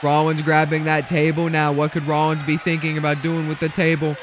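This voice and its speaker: A young man calling a wrestling match play-by-play, rapid and breathless, bursting into shouts at big moves. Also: fairly high pitch, monotone, noisy background. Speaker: play-by-play commentator. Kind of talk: excited wrestling play-by-play commentary.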